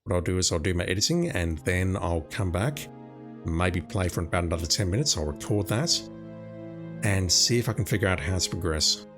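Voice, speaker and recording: A man's voice: low voice, lively intonation, a little fast, music in the background. A man giving casual commentary while playing a video game, thinking aloud as he goes. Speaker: let's play commentator.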